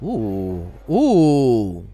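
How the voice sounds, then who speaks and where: A young man streaming live with a lively, bouncing voice that swings widely in pitch. He talks casually and excitedly, full of slang, as he reacts to a music video. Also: very slow.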